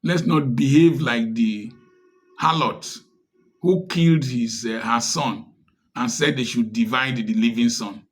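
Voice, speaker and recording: A little slow and medium in pitch, a man with a Nigerian English accent offers direct-to-camera social commentary. He sounds impassioned and preachy, posing one rhetorical question after another.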